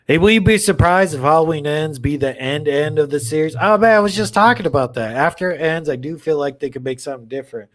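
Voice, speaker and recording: Livestream host, male, slightly high voice, loose rambling delivery with casual swearing. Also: fast talker, hardly any pauses. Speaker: horror channel livestream host. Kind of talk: casual livestream chat with viewers.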